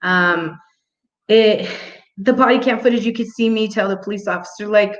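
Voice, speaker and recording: A woman's voice: on the high side, lively intonation, moderate pace. A young adult woman telling a story in a casual monologue, blunt and profane, laughing now and then. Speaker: vlog host. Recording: roomy, muffled home recording.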